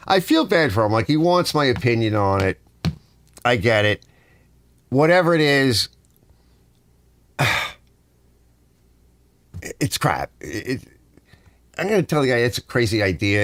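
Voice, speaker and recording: A man's voice: mid-range voice, dry recording. A man hosting a casual garage livestream, rambling through stories and mimicking other people's lines. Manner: rambling, animated storytelling with mimicked dialogue. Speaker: garage channel host. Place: home garage workshop.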